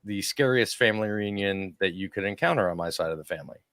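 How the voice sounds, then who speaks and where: A man's voice: lowish voice, fast talker, fairly bright tone, dry recording, studio quality. A man in his forties co-hosting a casual podcast, telling stories chattily and often repeating himself. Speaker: podcast co-host.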